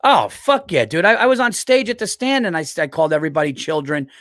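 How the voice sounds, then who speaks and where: A man co-hosting a podcast, telling profane, animated stories and doing quick impressions in casual chat. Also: fairly high pitch, dry recording, clean studio sound. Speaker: podcast co-host.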